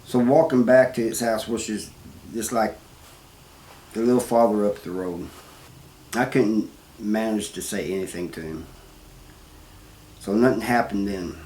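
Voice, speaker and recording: A man telling his own story in a plain, halting way, full of restarts and "you know.". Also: fairly low pitch, a little mellow. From Missouri, US. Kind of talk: first-person storytelling. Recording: roomy, with faint background noise.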